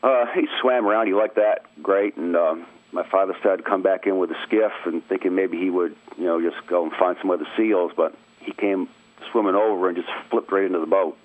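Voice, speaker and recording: A middle-aged guest from Maine calls into a radio program and spins a family story in a relaxed, chuckling manner. He talks briskly in a voice that sits low. The telephone recording is tinny and dry, with no room sound.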